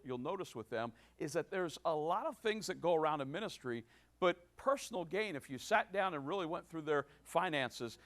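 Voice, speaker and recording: A male pastor giving a sermon, with many restarts and fillers, building to emphatic points. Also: on the high side. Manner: halting with many restarts, rising to emphatic preaching.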